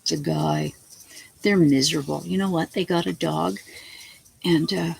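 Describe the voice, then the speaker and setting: At home and talking straight to the camera, a woman rambles through a casual vlog, hopping from topic to topic in a blunt, chatty way and swearing freely. Her voice is lowish, gravelly and husky, expressive and at a moderate pace. The recording quality is low.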